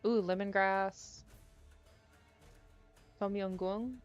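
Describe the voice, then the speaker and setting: A young woman streaming as she plays, chatting casually and getting easily excited as she muses aloud. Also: mid-range voice, extremely slow, clear, resonant tone. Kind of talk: casual stream chat while playing. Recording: dull lo-fi audio with faint music.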